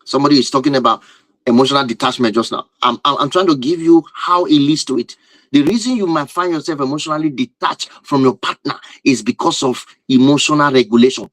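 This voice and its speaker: A man's voice: medium pitch, no echo, poor audio. A man speaking as a relationship teacher who addresses his viewers in an emphatic, repetitive lecture and often asks rhetorical questions. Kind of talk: lecture-style talk to viewers.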